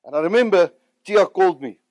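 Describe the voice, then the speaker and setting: High-voiced South African man telling his testimony. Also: lively intonation, a little fast, a little mellow, no room sound. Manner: earnest, emotional storytelling. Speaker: evangelist. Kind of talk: personal testimony.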